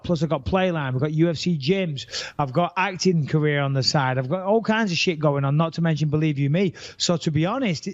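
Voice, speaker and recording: A man's voice: fairly high pitch, dry recording, lo-fi sound. A man, a retired fighter co-hosting a casual podcast and rambling with lots of restarts. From England. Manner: rambling, frequent restarts and fillers.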